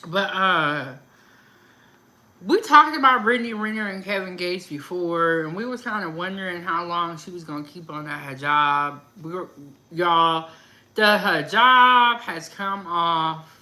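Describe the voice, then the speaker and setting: A woman with a bright, forceful voice talks through celebrity gossip in a loose, conversational way. She is a channel host addressing her viewers directly, full of asides and opinions. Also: fairly low pitch, unhurried, low-quality recording. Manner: chatty, animated gossip with laughs and asides. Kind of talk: casual chat about celebrity gossip.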